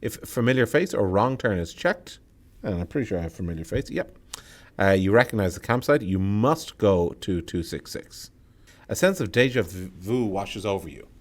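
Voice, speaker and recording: A man's voice: on the low side, animated. A man reading a solo tabletop horror game aloud and breaking off to comment on his choices. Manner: reads the text aloud, then adds quick asides about his choices. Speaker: solo game player and narrator.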